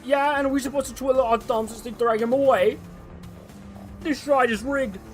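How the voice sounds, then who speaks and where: A man's voice: extremely high pitch, fairly even intonation, moderate pace, soft background music, pitched above the performer's own voice. A man doing a brash, hot-headed brawler. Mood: angry. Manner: loud, combative.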